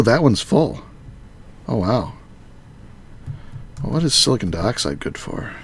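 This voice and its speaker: A man casually talking through a modded game on a live stream, muttering to himself with halting fillers. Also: lowish voice, creaky, a little hiss or hum.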